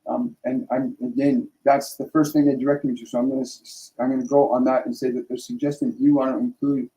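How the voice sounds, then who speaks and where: Earnest but rambling, this middle-aged man leads a casual spiritual live stream, restarting often and tacking on "right?" tags. His mid-range voice is flat, fairly quick and mellow, and the recording is rough.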